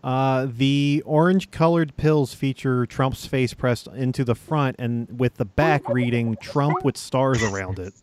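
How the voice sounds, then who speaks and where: A man's voice: mid-range voice, a little slow, hardly any pauses, crowd noise. A man hosting a casual comedic podcast, reading news items with a hesitant, stop-start delivery.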